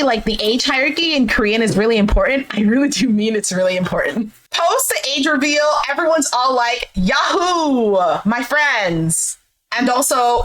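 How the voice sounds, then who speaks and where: A woman's voice: on the high side, fairly bright tone, poor audio. Chatty woman recapping a show. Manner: chatty, heavy use of "like" fillers; blunt and opinionated. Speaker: recap vlogger. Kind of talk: casual show recap commentary.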